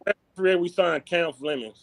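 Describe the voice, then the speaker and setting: A man with a fairly high speaking voice hosts a loose livestream conversation. He jokes around in a relaxed, drawling way. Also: fast, vocal fry, crowd noise. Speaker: podcast host. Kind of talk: casual livestream chat.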